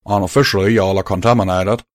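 Man doing a drawling gruff pony gunslinger. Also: low-pitched, steady tone, fast talker, no room sound, studio quality, close to an everyday voice. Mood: firm. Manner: firm, blunt, drawling. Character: gruff male pegasus stallion gunslinger, drawling.

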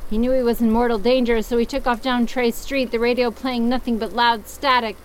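A woman's voice: on the high side, flat delivery, brisk, slight background noise. Sarcastic young woman reading a story. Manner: sarcastic, mocking, swears casually. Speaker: story reader.

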